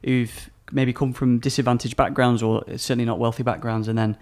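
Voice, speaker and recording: A man's voice: mid-range voice, little pitch movement, fairly quick, darkish tone. A man hosting a casual podcast, chiming in with easy agreement and short follow-ups. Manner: agreeable, chimes in with short affirmations. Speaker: podcast host.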